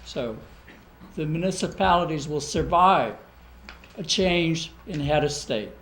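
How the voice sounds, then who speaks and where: A man, a village trustee, speaking haltingly with many fillers at a public budget meeting. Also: a little high, animated, a bit bright, rough recording. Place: council meeting room.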